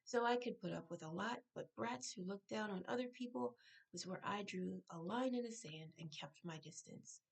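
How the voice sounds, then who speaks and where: A woman author reading her own novel aloud, now and then breaking off to correct herself or make a quick aside. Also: mid-range voice, gravelly, slightly rough, poor audio.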